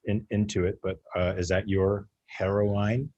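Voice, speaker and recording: A man who is a guest on a podcast, talking in a relaxed, teasing way. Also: lowish voice, unhurried, highs cut off. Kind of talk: casual podcast chat.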